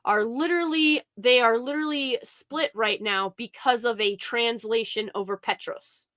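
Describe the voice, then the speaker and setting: A woman hosting a podcast in casual chat, animated and full of "like" fillers, often quoting others in mock voices. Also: on the high side, moderate pace, no room sound. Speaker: podcast host.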